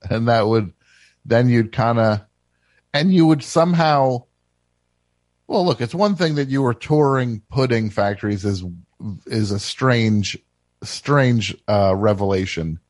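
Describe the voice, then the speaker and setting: A man hosting a call-in comedy radio show, asking deadpan, halting questions. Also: medium pitch, no room sound. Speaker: host. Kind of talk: casual call-in radio chat.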